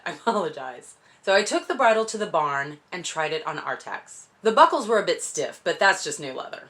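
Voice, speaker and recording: A woman's voice: on the low side, a bit bright. A young adult woman, gushing and emotional as she unboxes something on her vlog at home. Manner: gushing, emotional, self-deprecating. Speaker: vlogger. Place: home indoors.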